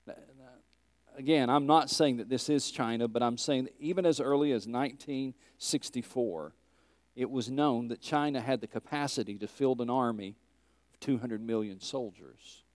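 A man leads a Bible class at an ordinary middle pitch. He speaks earnestly and stresses key words, quizzing his listeners as he goes. His voice sits close and dry, with no room sound. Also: normal speed, dry recording. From Tennessee. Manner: earnest, emphatic, questions the class. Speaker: Bible teacher.

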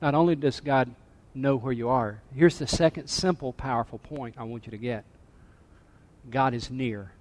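A man preaching a sermon as pastor, dropping to a hush and then rising to emphatic points. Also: medium pitch, moderate pace, long reverb tail. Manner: dynamic, drops to a hush then rises to emphatic. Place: church sanctuary.

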